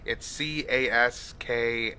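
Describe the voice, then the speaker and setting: A man's voice: mid-range voice, steady tone, slow pace, pushed and bright, smooth. A man co-hosting a casual podcast, talking loosely with lots of fillers and restarts. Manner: rambling, many fillers and restarts. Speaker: podcast co-host. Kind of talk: casual chat.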